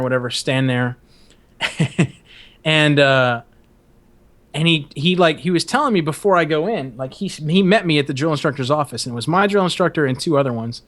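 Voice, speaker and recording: A young man spins a long story to his co-host on a casual podcast. His voice sits a bit high for a man, and his talk is loose, rambling and full of swearing and laughs. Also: fairly bright tone. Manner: profane, rambling, laughs often.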